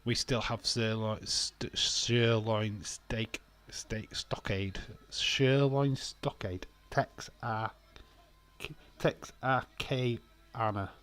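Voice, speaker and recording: A man's voice: fairly low pitch, steady tone, drawn-out words, few pauses, fairly bright tone. A British man hosting a wrestling watch-along stream, reading chat aloud, laughing often and arguing playfully, with some swearing. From Britain. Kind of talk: casual live-stream chat.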